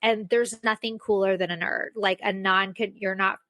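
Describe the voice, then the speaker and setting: A woman's voice: medium pitch, fairly even intonation, normal speed, fairly bright tone, no echo. A young woman hosting a casual solo podcast, telling a self-mocking story with lots of fillers. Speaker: podcast host.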